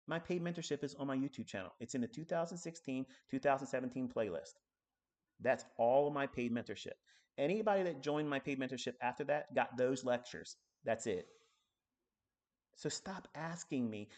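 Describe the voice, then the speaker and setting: A man teaching trading on a live stream, ranting in a profane, combative way, swinging between loud outbursts and low muttering. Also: animated, moderate pace.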